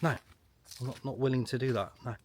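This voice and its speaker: A middle-aged man giving a solo commentary to camera, emphatic and ranting, repeating his points with long pauses. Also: medium pitch, steady tone, darkish tone. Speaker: online political commentator.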